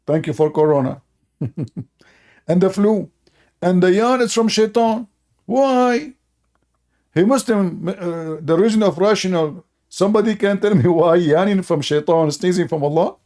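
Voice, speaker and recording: Man, higher voice, mellow tone, sarcastic commentary, broken English. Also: moderate pace. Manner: sarcastic, mocking, laughs at own points; broken, non-native English grammar. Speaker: online religion critic. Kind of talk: mocking commentary monologue.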